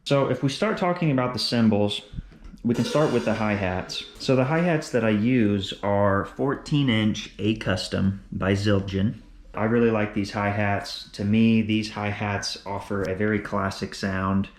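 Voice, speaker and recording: A man's voice: on the low side, measured pace, slight background noise. A young man, a drummer, casually explaining his drum kit and cymbals, often repeating words as he goes. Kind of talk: casual gear walkthrough. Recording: echoey room.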